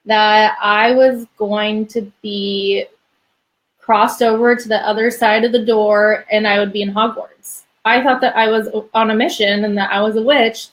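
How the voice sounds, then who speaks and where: A woman's voice: medium pitch, flat delivery, unhurried. A young woman as a podcast guest, telling a personal story in a chatty way, full of "like" and small laughs. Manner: chatty, many "like"s, laughs between phrases.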